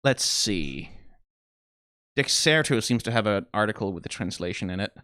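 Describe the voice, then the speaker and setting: A man reacting to game character designs in casual, rambling commentary, full of fillers, restarts and sudden excited jumps. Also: normal speed, clear, resonant tone, dry recording, studio quality. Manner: rambling, frequent fillers and self-corrections; animated, pitch jumps when excited.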